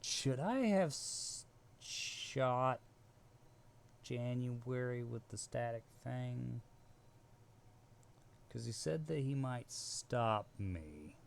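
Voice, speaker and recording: A man's voice: medium pitch, animated, drawn-out words, gravelly, pauses often. A male streamer chatting casually while playing a video game live. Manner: casual, chatty, talks to himself. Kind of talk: live gameplay commentary.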